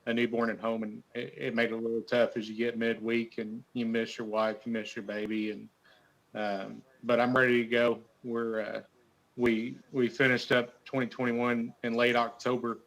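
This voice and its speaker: Young man, interview guest, humble, steady, flat even pitch, restarts. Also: normal speed, creaky, rough recording. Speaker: guest, tournament angler. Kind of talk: casual interview chat.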